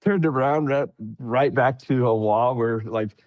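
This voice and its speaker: The recording is dry and lo-fi as a man, a veteran appearing as a podcast guest, speaks a little slowly through a long war story in casual conversation. He's an animated storyteller who raises his voice higher to act out other people's quotes.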